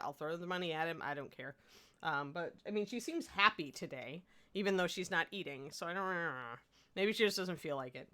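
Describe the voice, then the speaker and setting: Young woman host, casual and chatty, a bit tired, with an animated, lively delivery. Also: fairly low pitch. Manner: chatty, laughing, talks to her dog between remarks. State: sleepy after a broken night. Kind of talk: casual livestream chat while painting miniatures.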